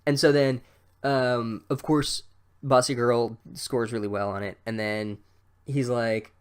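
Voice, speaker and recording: Male podcast host, comedic book recap; sarcastic, profane, rambling, mid pitch. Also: steady tone, slow pace, clean tone.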